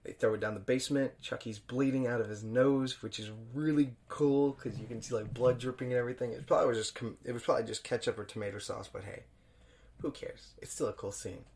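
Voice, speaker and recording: A young man hosting a podcast, reviewing a film alone in a loose, profane, chuckling way and jumping louder for emphasis. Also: mid-range voice, fast. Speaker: podcast host. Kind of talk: casual solo film review.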